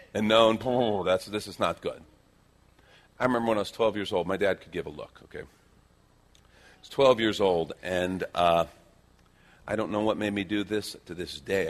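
A middle-aged male pastor preaching a sermon, telling stories with lively changes between loud acted-out lines and hushed quiet moments. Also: low-pitched. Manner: animated storytelling, acting out quoted lines, dropping to hushed tones.

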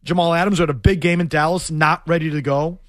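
A man's voice: a little high, quick pace, no room sound. A man hosting a sports talk show, ranting in an emphatic, exasperated way. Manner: animated, emphatic, exasperated rants.

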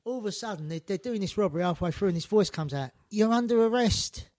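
High-voiced man telling stories. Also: very fast. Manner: animated, swearing, laughing, acts out quotes. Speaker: podcast guest storyteller. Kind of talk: casual storytelling chat.

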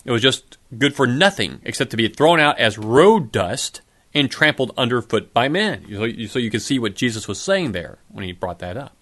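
A man's voice: mid-range voice, very animated, moderate pace, fairly bright tone. A middle-aged man preaching a sermon in a conversational way, asking rhetorical questions.

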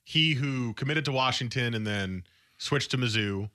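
A man co-hosting sports talk radio in a bright, forward voice. He argues his points with animated emphasis, keeping it casual. His pitch sits in a middle range. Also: moderate pace, smooth.

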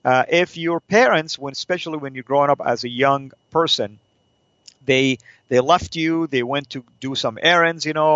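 A man in the host's chair, teaching scripture in an earnest, preacherly voice. He asks rhetorical questions and slows down on the phrases he wants to land. The recording is dry and a little dull. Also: medium pitch, fairly bright tone, dry recording. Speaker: host of a Christian teaching show. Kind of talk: Bible teaching talk.

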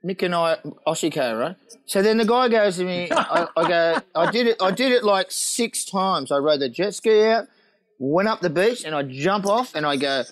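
A man's voice: on the high side, lively intonation, moderate pace, gravelly. A man with an Australian accent telling pranks in casual chat, laughing often, swearing and acting out what others said.

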